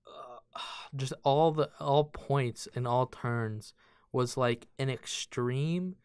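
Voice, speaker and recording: A man's voice: medium pitch, slow pace, a little mellow, smooth, dry recording, clean studio sound. A man co-hosting a podcast, rambling through a casual movie review and acting out quotes from scenes. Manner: rambling, restarts often, acts out quotes. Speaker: podcast co-host.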